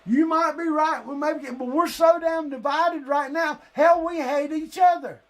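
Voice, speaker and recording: A man's voice: extremely high pitch, steady tone, normal speed. Fired-up man ranting. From Lee County, Florida. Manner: heated, blunt, profane, sometimes shouting. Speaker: live-stream host. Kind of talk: angry political rant.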